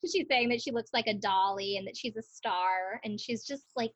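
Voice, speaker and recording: A woman's voice: medium pitch, moderate pace. Giggly chatty woman recapping a show. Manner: chatty, giggly, lots of fillers. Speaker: podcast co-host. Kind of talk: casual chat recapping a TV show.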